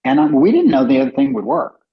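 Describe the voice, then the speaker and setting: A middle-aged man with a husky, mid-pitched voice tells stories as an interview guest. He slips into animated voices for the people he quotes. The recording sounds muffled and lo-fi. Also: fast talker. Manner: animated, acts out quoted dialogue in other voices. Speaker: company co-founder and guest. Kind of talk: casual storytelling interview. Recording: dull lo-fi podcast audio.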